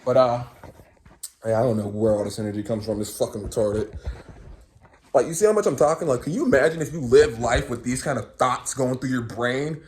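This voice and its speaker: A man's voice: mid-range voice, brisk. A young man talking straight to camera in a loose, rambling rant, swearing freely as he tells a long story. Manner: animated, profane, rambling storyteller. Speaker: vlogger.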